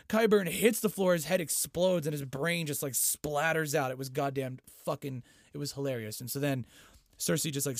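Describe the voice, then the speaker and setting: A man giving an excitable, foul-mouthed casual recap of a TV episode. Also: medium pitch, no echo, studio quality. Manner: excitable, heavy swearing.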